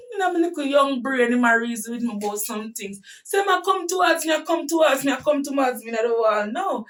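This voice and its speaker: A woman with a Jamaican accent telling a personal story in casual talk, animated and breaking into shouts at tense moments. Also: high voice, recorded from a distance.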